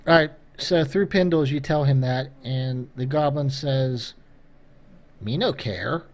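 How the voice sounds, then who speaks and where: A man's voice: medium pitch, measured pace, a little mellow. Easygoing man running a tabletop game. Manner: easygoing, guiding players through rolls. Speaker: dungeon master.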